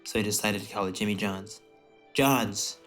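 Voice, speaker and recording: A man's voice: fairly low pitch, moderate pace, a bit bright, soft background music. A young man co-hosting a crude comedy podcast, rambling and swearing, sometimes slipping into silly put-on voices to act out scenes. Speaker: podcast co-host.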